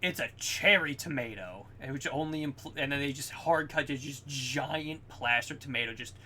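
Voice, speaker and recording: A young man chatting on a podcast in an animated, profane way, retelling film scenes with gusto. His voice sounds bright and forward. There is a faint hiss of background noise behind him. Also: mid-range voice, moderate pace. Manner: excited, swears often, acts out quotes. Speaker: podcast co-host. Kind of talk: casual chat.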